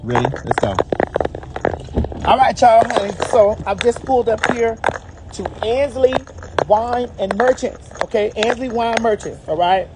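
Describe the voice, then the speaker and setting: A woman's voice: a little high, expressive, a little slow, very noisy. Sassy Southern woman hyping a product. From Southern United States. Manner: flamboyant, sassy, calls viewers honey and baby. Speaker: brand ambassador and host. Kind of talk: promotional vlog. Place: out and about on city streets and in a liquor store.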